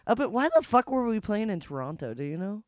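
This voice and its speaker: A woman's voice: medium pitch, very animated, quick pace, no room sound, clean studio sound. A woman co-hosting a podcast in casual chat, who swears freely, laughs a lot and trails off with ums. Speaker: podcast co-host.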